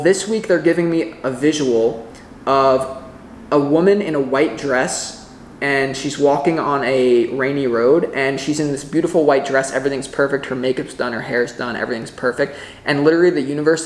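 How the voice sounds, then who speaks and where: Excitable man giving a rambling tarot reading. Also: medium pitch, reverberant, a little hiss or hum. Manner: rambling, excitable, self-interrupting. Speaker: tarot reader. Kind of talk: casual tarot reading to camera.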